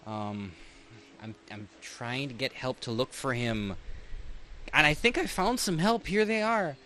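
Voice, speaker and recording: A man's voice: medium pitch, unhurried, bright, forceful tone. A man playing a hesitant, polite innkeeper. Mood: nervous. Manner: hesitant, hedging with ums.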